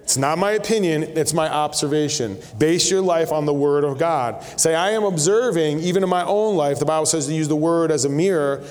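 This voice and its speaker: A middle-aged man preaches from the pulpit, teaching in an easy, conversational way and slipping into stories from his week. His voice sits a little high for a man, and the sanctuary around him carries a long, ringing reverb. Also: darkish tone. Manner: conversational preaching with storytelling asides. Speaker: pastor. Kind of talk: sermon. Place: church sanctuary. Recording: long reverb of a church hall.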